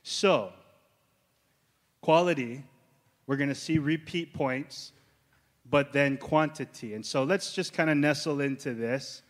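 A man's voice: on the high side, takes it slowly, pauses often, big-room sound. A male pastor teaching a sermon in a conversational way, often checking in with the congregation.

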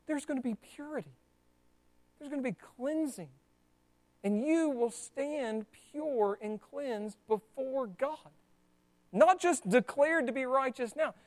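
A man preaching a sermon in a conversational, animated way, with asides to the congregation. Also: very high voice. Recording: long church hall reverb.

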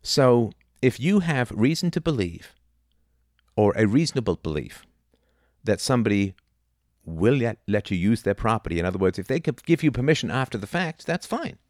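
A middle-aged man talking casually about philosophy, animated, dipping into mocking impressions. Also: fairly low pitch, no room sound, studio quality. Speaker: podcast host.

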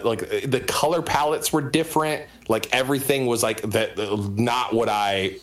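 A man's voice: mid-range voice, normal speed. A man in his thirties, a guest on a podcast, chatting casually and telling a story with many fillers. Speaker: guest rapper.

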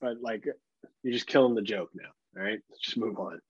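A man's voice: on the low side, brisk, breathy edge, no room sound. A man co-hosting a podcast in casual chat, riffing with sarcastic jokes and casual swearing. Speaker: podcast co-host. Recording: dull dry sound.

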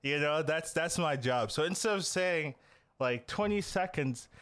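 A man hosting a casual podcast, animated and chatty, often restarting his sentences. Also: fairly high pitch. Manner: animated, quick back-and-forth, restarts. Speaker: podcast host.

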